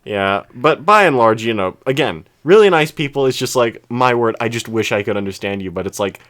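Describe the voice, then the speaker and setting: A man's voice: mid-range voice, expressive, fairly quick, fairly bright tone. A young man co-hosting a podcast, telling a long story in casual chat with lots of restarts and fillers. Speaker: podcast co-host.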